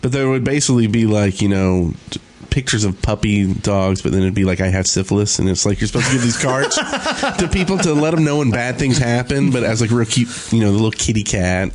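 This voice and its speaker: A man's voice: mid-range voice, lively intonation, fairly quick, background noise. A man co-hosting a casual gaming podcast, rambling in a laid-back way with lots of fillers. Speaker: podcast co-host.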